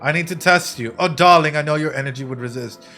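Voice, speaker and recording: A man's voice: fairly high pitch, fast, pushed and bright, soft background music. A man voicing a grand, condescending mystic fortune-teller in a game, speaking dramatically. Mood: grandly mystical. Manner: dramatic, condescending, calls others darling.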